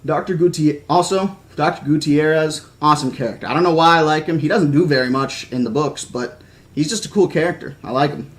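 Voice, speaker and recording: A man's voice: fairly high pitch, a little fast. A man reading a novel aloud, stopping to correct himself and add his own remarks. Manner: stumbling, self-correcting reading. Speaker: reader. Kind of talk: novel read-aloud with personal asides.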